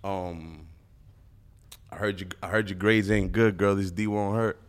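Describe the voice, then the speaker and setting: Man, very deep voice, laid-back, joking, casual interview guest. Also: fairly even intonation, unhurried, clear, resonant tone. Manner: laid-back, joking, says "you know" a lot.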